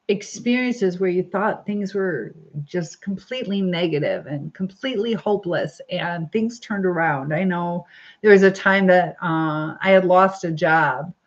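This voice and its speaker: Highs are cut off in this phone or webcam livestream, where a woman with a fairly low voice hosts casually. She reads viewer comments in a chatty, upbeat manner, with lots of fillers and frequent laughter.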